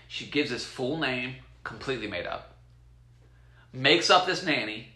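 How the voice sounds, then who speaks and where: A man in casual chat, telling a story with animated, loud quoted bits and free swearing. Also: mid-range voice, moderate pace, echoey room.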